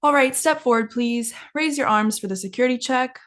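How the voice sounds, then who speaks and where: A woman voicing a polite airport security officer who gives calm, courteous instructions in an example dialogue. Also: fairly high pitch, brisk, natural voice.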